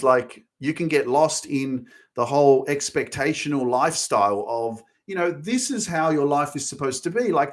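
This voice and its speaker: A man in his thirties hosting a motivational podcast, talking passionately and with emphasis, cursing freely and repeating phrases to drive points home. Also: a little high. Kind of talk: motivational monologue.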